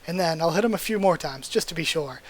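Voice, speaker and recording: A reader doing a gruff vigilante brawler. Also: medium pitch, expressive, quick pace, natural voice. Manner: blunt, rough, self-assured. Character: gruff older male street vigilante brawler.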